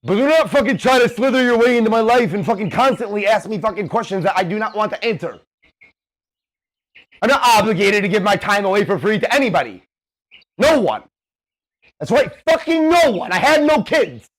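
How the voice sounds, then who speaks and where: A high-voiced young man at the gym, swearing freely as he preaches self-improvement. His delivery is intense and forceful, and it swings from fast, clipped jabs to drawn-out shouted lines. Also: lively intonation. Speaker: fitness livestreamer. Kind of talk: motivational rant.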